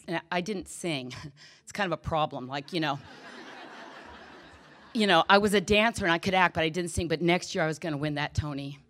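A woman's voice: low-pitched, fairly bright tone. A middle-aged woman candidly telling her own recovery story to a group, emotional and self-deprecating. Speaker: speaker sharing recovery story. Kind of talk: personal testimony talk.

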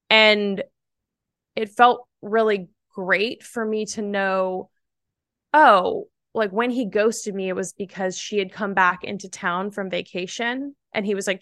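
A woman's voice: medium pitch, no echo. Chatty woman telling a story, dry sound. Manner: animated, chatty, full of "like" fillers. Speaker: podcast guest. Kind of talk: casual storytelling.

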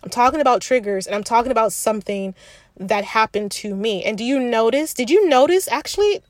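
In a studio-quality recording with no echo, a woman's slightly high voice comes across animated and brisk. She hosts a candid self-help podcast, speaking frankly to the listener as a sister, addressing them as sis and thinking aloud with restarts.

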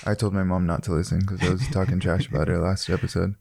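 A man co-hosts a casual podcast in a relaxed, joking way. His voice sits somewhat low, and he laughs often as he talks. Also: quick pace, creaky, breathy edge. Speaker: podcast co-host.

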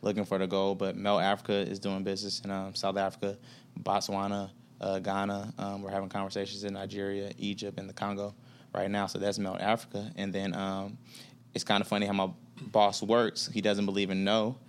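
A man's voice: lowish voice, completely flat delivery, a little fast, a little hiss or hum. A man from Atlanta, a guest on a casual podcast, telling business stories in a laid-back, slangy way and acting out quoted dialogue. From Atlanta, USA.

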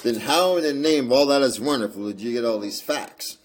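A man's voice: mid-range voice, a little fast, voice pushed up, natural voice. A man reading aloud as a loyal, indignant Victorian male doctor who protests earnestly.

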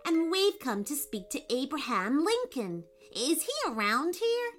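A woman's voice: sits high, big pitch swings, unhurried, faint music behind, pitched above the performer's own voice. A woman voicing a matter-of-fact, know-it-all young girl. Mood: excited.

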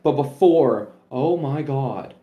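Man, casual podcast chat, animated, cursing, mid pitch, roomy echo. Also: takes it slowly. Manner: animated, swears, laughs at his own points. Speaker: podcast co-host.

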